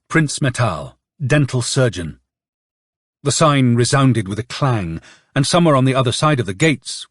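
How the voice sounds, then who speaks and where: Husky, lively male audiobook narrator. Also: mid-range voice, dry recording, studio quality. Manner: expressive, dramatic reading. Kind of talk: scripted narration.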